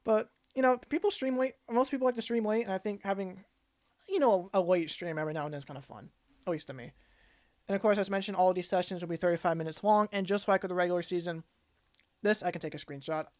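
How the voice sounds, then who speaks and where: A young man with a high, quick, somewhat mellow voice hosts a casual livestream announcement as a league organizer. He rambles, often correcting himself and restarting partway through sentences.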